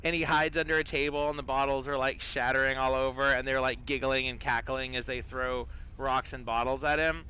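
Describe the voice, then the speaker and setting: A man's voice: medium pitch, flat delivery, brisk, hardly any pauses, sharp tone, clear, resonant tone, muffled recording. A man narrating as dungeon master of a tabletop game, in a loose, chatty way.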